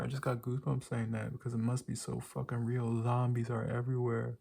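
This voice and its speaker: Gravelly young man ranting casually. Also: medium pitch, monotone, fairly quick, few pauses, a little mellow. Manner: rambling, profane, with lots of fillers. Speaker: vlogger. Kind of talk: casual rant to camera.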